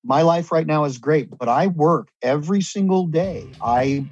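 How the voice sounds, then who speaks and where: Earnest rambling man, husky voice, dull recording. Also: on the high side, moderate pace, soft background music. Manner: earnest, rambling, repeats and restarts. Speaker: guest. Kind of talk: candid conversation about recovery.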